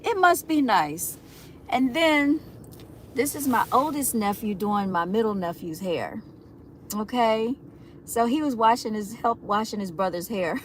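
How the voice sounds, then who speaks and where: A woman's voice: a little high, expressive, unhurried, slight background noise. A woman hosting a casual livestream, chatting to her viewers, laughing often and calling them y'all. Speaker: livestream host.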